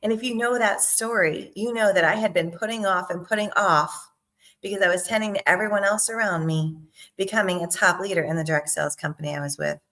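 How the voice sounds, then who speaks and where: A middle-aged woman sales coach talking casually to her viewers, animated and emphatic, with frequent "right?" and "okay?" asides. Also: medium pitch, brisk. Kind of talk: casual talk to camera.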